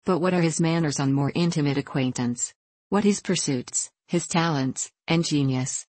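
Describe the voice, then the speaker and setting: A woman's voice: deep voice, normal speed, darkish tone, dry recording. An eager, romantic young woman, as a woman narrator reads her from a classic novel. She speaks with emphatic, impulsive energy. The sound is dry and close.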